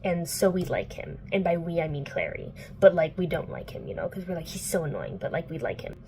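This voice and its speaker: A young woman book vlogger casually recaps a plot indoors, chatty and playful, peppering her talk with "like" and swearing. Her voice is fairly low and darkish, animated and fairly quick, with slight background noise.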